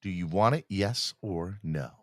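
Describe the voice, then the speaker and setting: A man hosting a live fan podcast in a casual, teasing, animated way, hyping himself up. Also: sits low, measured pace, no echo, clean studio sound. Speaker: podcast host.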